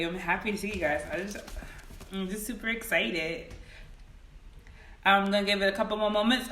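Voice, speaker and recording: A woman leading a livestreamed Sunday school lesson on her phone, greeting viewers by name and reading each question slowly, then repeating it. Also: medium pitch, fairly bright tone, echoey room. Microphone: phone camera.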